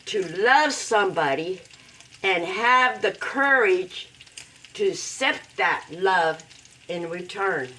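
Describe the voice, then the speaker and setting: Woman doing a cooking video at home, slow easy talk, yells woo now and then, mic a bit far off. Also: medium pitch, expressive. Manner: slow, heartfelt talk broken by loud whooping cheers. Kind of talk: casual cooking demonstration. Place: home kitchen with food frying.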